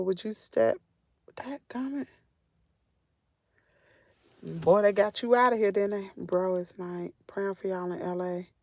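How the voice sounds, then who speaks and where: Gravelly Southern woman chatting on a livestream. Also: mid-range voice, dry recording. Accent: Southern American. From Southern United States. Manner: chatty, laughs often, animated exclamations. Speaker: channel host. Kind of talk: casual livestream chat reading comments. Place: in a parked vehicle.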